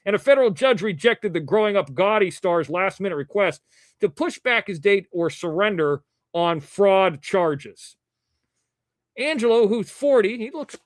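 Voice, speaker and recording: A man hosting his own live-stream news show, rambling casually between topics, irreverent and quick to curse when annoyed. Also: high voice, no room sound, studio quality. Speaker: livestream show host.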